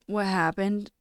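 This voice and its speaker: A woman's voice: mid-range voice, clean tone, no echo, studio quality. Tearful woman streamer, sighing. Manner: halting, sighing, quietly emotional. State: tearful, crying. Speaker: live streamer. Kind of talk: casual live-stream talk.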